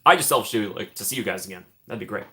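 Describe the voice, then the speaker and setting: A young man talks casually on his live stream, answering viewers in a relaxed, chatty way. He laughs a lot and his voice often drops to a quiet mumble at the end of a thought. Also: fairly low pitch, very fast. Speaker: livestream host.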